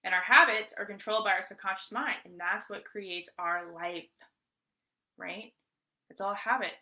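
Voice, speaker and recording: A woman leads a live mindset training with a bright, forward voice. She speaks with energy and repeats her key points. She keeps turning to her listeners with quick check-ins. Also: mid-range voice. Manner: energetic, repetitive, often asks "right?" and says "guys". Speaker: mindset coach. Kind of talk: live motivational training talk.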